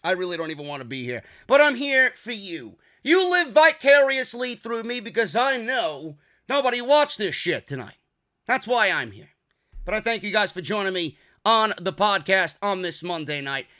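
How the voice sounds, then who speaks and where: A man's voice: sits high, expressive, normal speed, pushed and bright, dry recording, clean studio sound. A man with a New York accent hosting a wrestling review podcast, talking in a sarcastic, profane, exasperated way. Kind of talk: casual review monologue.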